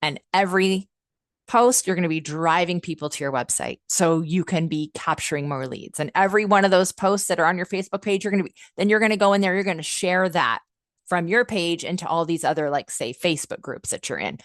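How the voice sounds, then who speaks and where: A woman with a fairly low voice leads a software training webinar as a customer success manager. She talks in an upbeat, chatty, enthusiastic way and often uses "like" and "um." Her voice is recorded close and dry, with no room sound. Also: a little fast, no room sound. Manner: frequent "like" and "um" fillers.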